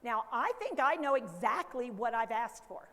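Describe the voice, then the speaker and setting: A woman's voice: a little high, animated, moderate pace, fairly bright tone. A woman educator leading a conference workshop, coaxing the audience through hands-on exercises. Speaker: dementia care educator. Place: conference hall. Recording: long hall reverb.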